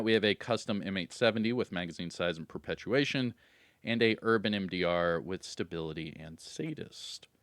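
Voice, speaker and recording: A man's voice: lowish voice, fairly bright tone, dry recording. A man hosting a gaming video, casually running through in-game vendor items and getting hyped about good loot.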